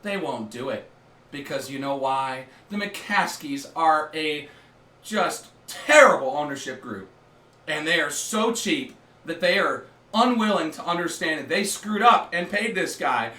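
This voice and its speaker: Man, fan reaction host; bright, sharp tone, mocking rant broken by laughter, echoey room. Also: a little high, lively intonation, a little slow, recorded from a distance. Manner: mocking, keeps breaking into laughter. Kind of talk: casual rant to camera. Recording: echoey room, voice away from mic.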